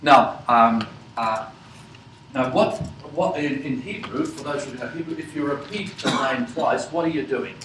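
A man teaching a Bible class, asking his listeners questions and pausing often with fillers. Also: mid-range voice, a bit bright, reverberant, distant mic, slight background noise, rough recording. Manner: slow, questioning, many fillers.

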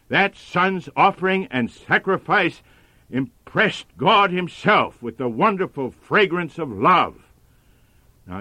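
A man preaching a sermon in a measured, earnest manner. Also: medium pitch, pushed and bright, no room sound.

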